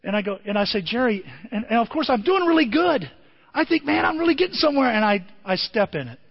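A man's voice: high-pitched, fairly quick, husky, big-room sound, highs cut off. A male pastor telling a story in a sermon, acting out the people in it. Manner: animated, acts out the people in his stories. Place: church hall.

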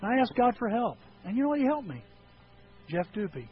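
A man preaching a sermon as pastor, animated, breaking into high yelping voices when he acts out quotes. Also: fairly quick, phone-quality sound, a little hiss or hum.

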